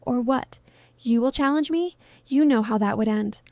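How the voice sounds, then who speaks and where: A woman's voice: on the high side, moderate pace, dark tone, no echo, lightly acted. A woman voicing an ancient, menacing male vampire lord who speaks with cold, mocking condescension. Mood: cold contempt.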